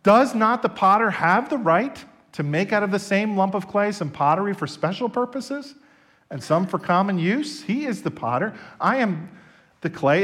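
A pastor preaches a sermon, telling stories with animated emphasis. His voice is fairly high for a man and swings widely up and down in pitch.

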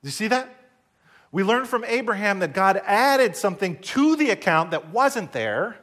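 A male pastor delivering a sermon in a church service. His voice sits high and jumps higher still when he presses a point, then drops low for scripture quotes. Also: very animated, moderate pace, a bit bright. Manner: emphatic, rising to high bursts on key points.

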